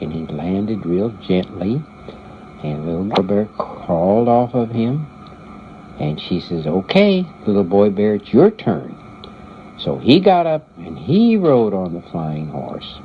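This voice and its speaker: An older man telling a children's story aloud in an unhurried, halting way, repeating words as he goes. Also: lowish voice. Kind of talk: oral storytelling. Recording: muffled recording with faint hiss.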